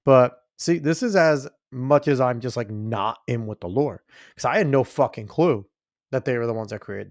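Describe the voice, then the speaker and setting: A man talks casually over a video he is watching, rambling, swearing and letting his sentences fade off. His voice is gravelly. The sound is dry and close. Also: mid-range voice, normal speed, dry recording. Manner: profane, rambling, trails off quietly. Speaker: podcast host reacting to a video. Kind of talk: casual reaction commentary.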